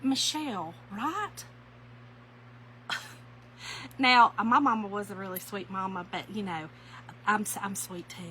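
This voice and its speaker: A woman's voice: medium pitch, unhurried, pauses often, pushed and bright, slight background noise, poor audio. A woman with a Southern accent, hosting a craft livestream in casual, teasing chat and laughing often. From US North.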